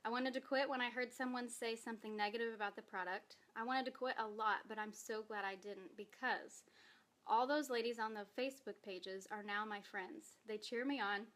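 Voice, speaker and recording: A woman with a slightly high, fairly bright voice speaks at normal speed in a steady tone. She's a direct sales distributor reading her own post aloud in a vlog, an emotional, sincere testimony delivered through held-back tears.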